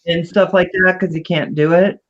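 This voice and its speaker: A woman co-hosting a casual live stream chat, animated and teasing, often laughing. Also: lowish voice, normal speed. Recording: dull lo-fi stream audio.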